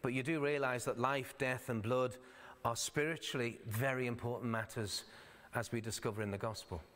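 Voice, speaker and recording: A male pastor preaching a sermon in a church sanctuary, explaining his points in a conversational way. His voice sits at an ordinary middle pitch, and the hall adds a long reverb to every word. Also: fairly even intonation, normal speed, fairly bright tone. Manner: reads scripture in old-fashioned wording.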